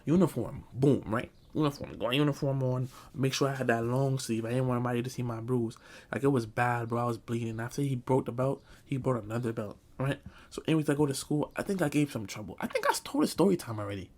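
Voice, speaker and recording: A man's voice: medium pitch, fast talker, darkish tone. A man telling a comic storytime, talking loosely in slang and saying bro a lot. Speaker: vlogger. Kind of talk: comedic storytime.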